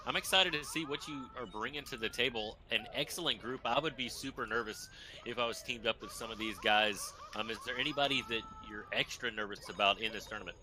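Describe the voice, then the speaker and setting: A man's voice: medium pitch, fairly quick, background noise. A man commentating a live speedrun race, upbeat and hyping up the viewers. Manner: upbeat, hype-building, talks to chat and runner.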